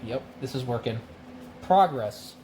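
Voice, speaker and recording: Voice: medium pitch, animated, a little slow, a little mellow, a little hiss or hum. A streamer chatting casually while cooking on a live stream, rambling and laughing often. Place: home kitchen.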